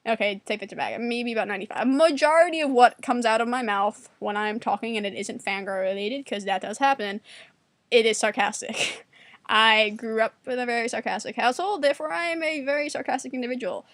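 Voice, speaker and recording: Fast-talking sarcastic young woman. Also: a bit bright, dry recording. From New York. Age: 20s. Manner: acts out quotes in a higher voice. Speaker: vlogger. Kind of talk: casual monologue to camera.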